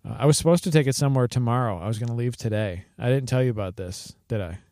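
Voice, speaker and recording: Male podcast co-host, mid pitch, casual rambler with lots of fillers, dry close sound. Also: fast talker, a little mellow, dry recording. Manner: rambling, hesitant with many fillers and restarts, laughs often. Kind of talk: casual chat.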